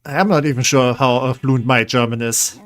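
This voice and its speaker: A man's voice: mid-range voice, fairly even intonation, moderate pace, a bit bright. A man casually chatting while streaming a building game, rambling and coaxing his in-game pets along. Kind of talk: casual gameplay commentary.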